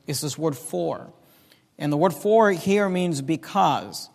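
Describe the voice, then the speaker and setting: A man with a high voice preaches from the pulpit, slowing down to stress each quoted scripture verse. His words ring out with the long reverb of a large church hall. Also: lively intonation, creaky. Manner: preaching, drawn-out emphatic quoting of scripture. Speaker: pastor. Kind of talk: sermon.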